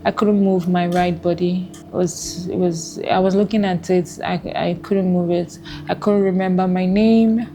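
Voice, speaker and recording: A Nigerian woman giving a personal testimony, speaking haltingly with emotional pauses. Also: lowish voice, fairly even intonation, warm tone, slight background noise. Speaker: testimony guest.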